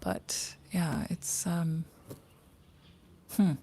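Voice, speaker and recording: Woman hosting a rambling livestream; low, gravelly, mellow voice with frequent whispered asides. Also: very animated, extremely slow, a little hiss or hum. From Canada. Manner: rambling, chatty, drops into whispered asides, laughs often. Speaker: livestream host. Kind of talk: casual livestream chat. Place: outdoors in morning sun.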